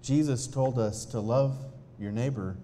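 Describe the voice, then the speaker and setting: A man telling a personal testimony to a live audience in an earnest, halting way, often restarting his sentences. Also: mid-range voice, dark tone, slight background noise. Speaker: speaker sharing a personal testimony.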